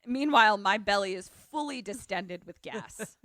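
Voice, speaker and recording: A young adult woman on a podcast, casually retelling a film's plot and jumping into quick voices for each character. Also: mid-range voice, no room sound, studio quality. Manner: animated storyteller, acts out characters in quick voices. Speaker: podcast co-host.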